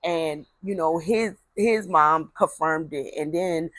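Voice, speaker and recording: A woman telling a personal story in a casual, animated way, acting out the voices of the people she quotes. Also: deep voice, slow pace, dry recording.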